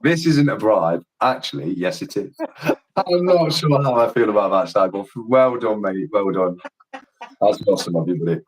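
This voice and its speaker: Low-ish easygoing english guy on a livestream, laughs a lot, says mate. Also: lively intonation, normal speed. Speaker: livestream co-host. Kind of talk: casual livestream chat.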